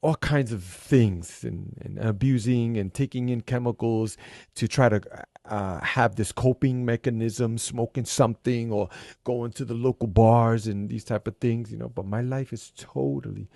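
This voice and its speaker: A middle-aged man telling his story as a podcast guest, animated and acting out the voices in his head. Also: medium pitch, moderate pace, vocal fry, no echo, clean studio sound. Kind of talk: casual conversation.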